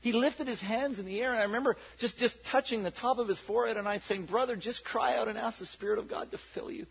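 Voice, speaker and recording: A man preaching a sermon with passion, dropping to a hush and then rising to loud declarations. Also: extremely high pitch, quick pace, creaky, slightly rough, dull audio. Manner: impassioned preaching, swinging from hushed to loud. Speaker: pastor.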